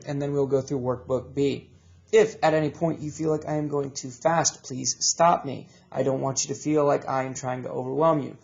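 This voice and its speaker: A man teaching a recorded reading lesson to children, drilling sounds and words in slow call-and-response. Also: a little high, creaky, darkish tone, lo-fi sound.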